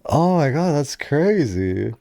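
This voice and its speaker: A man's voice: on the high side, very animated, slow pace, gravelly, mellow, dry recording, studio quality. A young man streaming a game, chatting casually and rambling, with frequent giggles and lots of filler words. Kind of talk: casual live-stream chat.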